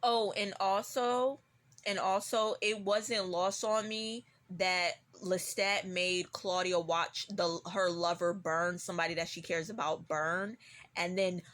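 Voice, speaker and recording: A woman's voice: on the low side, fairly even intonation, slow, a bit bright. Woman vlogger, casual reaction rant, heated and cussing, talks straight at the character. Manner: profane, heated, repeats for emphasis; addresses a character directly.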